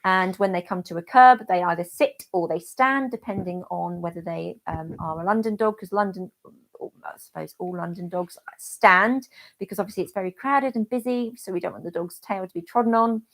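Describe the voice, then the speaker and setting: A woman's voice: on the low side, normal speed. A woman from the United Kingdom hosting a casual livestream, chatting about life with her guide dog, with frequent restarts and laughter. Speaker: channel host, guide dog user.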